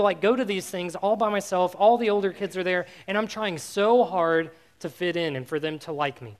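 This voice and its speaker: A man with a notably high voice delivers a youth sermon. He tells his story in an animated, self-mocking way, full of casual fillers, then turns to earnest teaching. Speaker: youth pastor.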